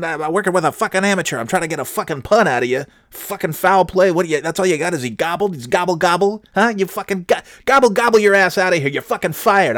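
A man putting on a furious, foul-mouthed male news anchor boss who yells insults and curses nonstop. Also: on the high side, dry recording, studio quality, voice pushed up, close to an everyday voice. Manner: yelling insults, cursing nonstop.

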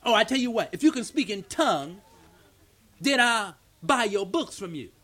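A man's voice: high voice, lively intonation, normal speed, a bit bright. A man voicing a challenging male preacher who speaks boldly, as if striking a bargain.

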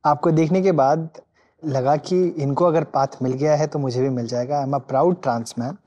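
A man's voice: on the high side, rapid-fire, dark tone, lo-fi sound. A man with an Indian accent hosting a podcast interview, effusive and mixing Hindi into English. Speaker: podcast host.

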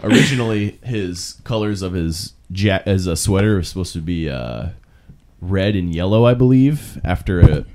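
A man on a podcast, casually sharing behind-the-scenes facts in a relaxed way. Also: deep voice, normal speed. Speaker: podcast co-host. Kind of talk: casual chat sharing trivia.

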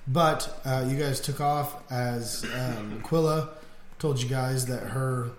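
A man narrating as game master of a tabletop game, easygoing and quick to laugh. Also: mid-range voice. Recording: echoey room, faint noise.

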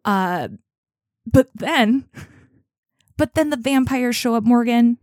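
A young woman co-hosting a podcast, chatting casually and telling stories with animated excitement. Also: fairly high pitch, slow, no echo, studio quality. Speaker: podcast co-host. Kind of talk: casual chat and reading aloud.

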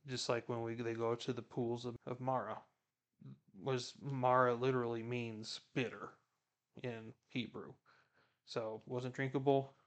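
A man's voice: medium pitch, flat delivery, a little slow. A man giving casual Bible commentary, chatty, retelling scripture in everyday words.

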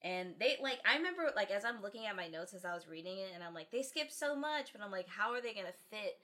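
A bright, clear-voiced woman talks casually on a podcast. She tells her stories with animation and acts out the quotes as she goes, with laughter breaking in often. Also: mid-range voice, animated, quick pace. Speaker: podcast co-host. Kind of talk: casual chat.

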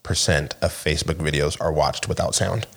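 A middle-aged man co-hosting a podcast, telling animated stories in casual chat and laughing often. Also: a bass voice, moderate pace, creaky. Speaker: podcast co-host.

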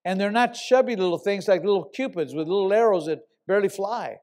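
An older man preaching with a voice pitched a little above the usual for men. He tells his story in a loose, conversational way, then suddenly climbs into loud, emphatic shouts. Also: fairly quick. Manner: animated storyteller, bursts into loud shouts when quoting himself. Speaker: pastor. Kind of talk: sermon storytelling.

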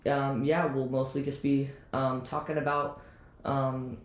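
A man's voice: mid-range voice, little pitch movement, a little slow. A man co-hosting a casual podcast chat. He talks in a hesitant way, with many ums and restarts. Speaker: podcast co-host. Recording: echoey room.

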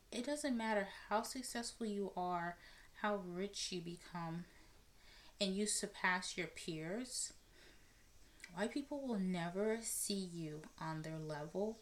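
A woman hosting a casual talk podcast, giving blunt and animated commentary and swearing freely. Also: mid-range voice, slow, long pauses. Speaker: podcast host. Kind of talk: casual commentary on celebrity news.

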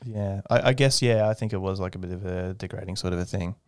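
A young man, a guest in a casual interview, telling his story with animation and jumping into a high voice to mimic people he quotes. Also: fast, clear, resonant tone, no room sound, studio quality. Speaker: aerospace engineer guest.

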